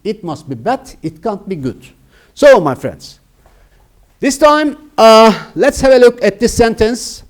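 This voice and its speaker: A middle-aged male teacher with a Turkish accent, high-pitched for a man. He talks slowly and emphatically, repeating key words as he walks students through a grammar lesson. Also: very animated. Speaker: English teacher.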